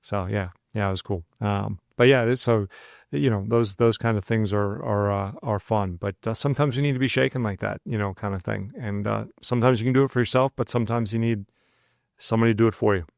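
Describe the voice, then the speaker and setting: A man co-hosting a podcast with a gravelly, somewhat low voice, telling anecdotes in a loose, chatty way. He acts out the back-and-forth of the dialogue in his own voice, with plenty of asides. The recording is dry and close. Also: fairly even intonation, fairly quick, dry recording. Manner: loose and conversational, with frequent asides. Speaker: podcast co-host. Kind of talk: casual storytelling chat.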